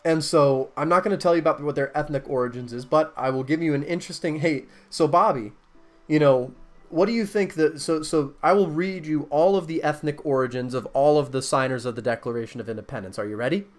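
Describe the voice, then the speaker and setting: A man's voice: on the high side, brisk, faint music behind. A man hosting a casual conversation, explaining and reading out facts with many fillers and restarts.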